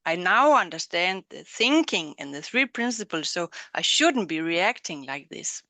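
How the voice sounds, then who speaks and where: Slow-talking woman. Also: on the low side, sing-song, sharp tone, no echo. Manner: slow, hesitant, apologetic restarts. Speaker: webinar host. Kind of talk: conversational interview. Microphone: video call.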